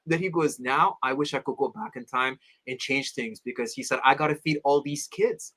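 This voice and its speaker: Lively, bright-voiced man telling stories. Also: normal speed, few pauses. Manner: animated, acts out friends' voices with big pitch jumps; addresses host as "my beloved father". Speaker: interview guest. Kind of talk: storytelling in casual interview.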